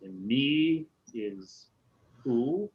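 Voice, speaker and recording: A man, a rabbi, teaching a relaxed Hebrew class over a video call, often checking in with "right?". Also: mid-range voice, extremely slow, highs cut off. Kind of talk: casual online class teaching.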